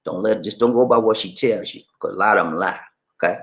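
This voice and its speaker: A man's voice: fairly low pitch, fast talker. A man hosting a casual vlog, chatty and repetitive as he quizzes viewers. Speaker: channel host.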